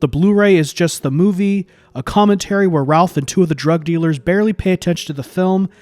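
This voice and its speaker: A man's voice: high-pitched, brisk, a little mellow, dry recording. A man who critiques films on video, delivering scripted commentary in a sarcastic, profane way. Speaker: YouTube film critic.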